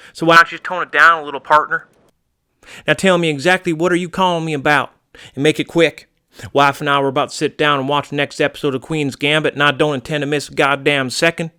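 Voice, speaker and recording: A man's voice: a little high, steady tone, brisk, bright, forceful tone, smooth. A man doing a brash, gun-loving rural guy. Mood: gruff. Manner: blustering, crude and folksy. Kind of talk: comedy sketch acting.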